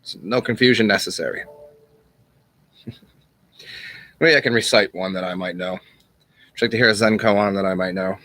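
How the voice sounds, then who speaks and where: Male channel host, low-ish voice, rambling casual storyteller. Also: a bit bright. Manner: rambling and unhurried, with restarts and chuckles. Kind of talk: casual spoken teaching and storytelling.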